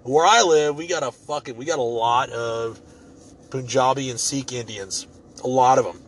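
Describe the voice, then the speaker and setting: A man's voice: medium pitch, normal speed, a bit bright. A man in his ordinary middle register tells a story in a loose, rambling way. He swears freely and keeps it joking and offhand, with a faint hiss of background noise under his voice. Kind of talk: casual storytelling monologue.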